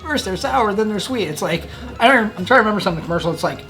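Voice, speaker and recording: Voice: medium pitch, lively intonation, rapid-fire, fairly bright tone, soft background music. A vlog co-host chatting casually about candy with dry, wry humor. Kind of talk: casual candy-tasting chat.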